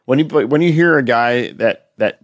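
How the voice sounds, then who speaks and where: A man's voice: medium pitch, normal speed, no room sound, studio quality. A man co-hosting a comedy podcast, blunt and opinionated in casual chat. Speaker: podcast co-host.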